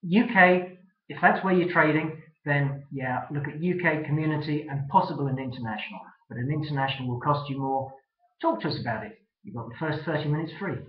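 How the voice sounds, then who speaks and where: Man guest, direct advisor, somewhat high voice, echoey room, muffled audio. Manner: direct, brisk advice-giving. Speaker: trademark attorney guest. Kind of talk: giving advice in an interview. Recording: echoey, dull web-video sound.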